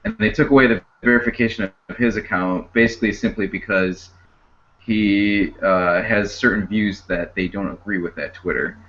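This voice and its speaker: A man's voice: fairly low pitch, steady tone, moderate pace, a bit bright, lo-fi sound. A man co-hosting a casual discussion podcast, rambling with many fillers and restarts. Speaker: podcast co-host.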